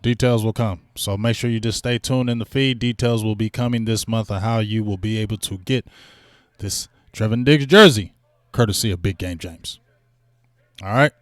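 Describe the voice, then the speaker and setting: A man's voice: lowish voice, moderate pace, no room sound, studio quality. A man hosting a sports talk livestream, chatting casually in slang and hyping up donations to his viewers. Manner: animated, slangy, hypes donations. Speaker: sports talk show host.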